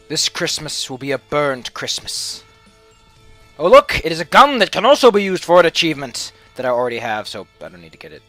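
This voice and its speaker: A man's voice: on the high side, big pitch swings, a little fast, sharp tone, dry recording, faint music behind. A man giving casual gameplay commentary as a let's play host, with sarcastic, mock-villainous rants and swearing.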